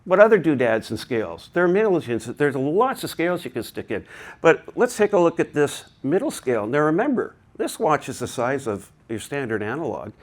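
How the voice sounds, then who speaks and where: In a conference hall, a man gives a technical talk to a live audience, rambling a bit and cracking jokes along the way. His slightly high voice has a sing-song lilt at a moderate pace.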